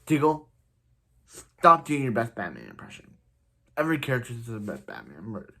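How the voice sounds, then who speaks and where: A man's voice: on the low side, wildly swooping pitch, fast, gravelly. A man casually recapping a TV episode, rambling and exasperated, giving blunt opinions. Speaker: TV show reviewer.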